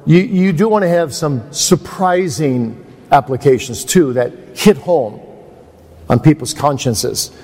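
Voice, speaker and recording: A man's voice: on the high side, lively intonation, slow pace, a little mellow. Man preaching in a reverberant hall. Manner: conversational, anecdotal, self-deprecating. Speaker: preacher at a seminar. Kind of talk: teaching sermon.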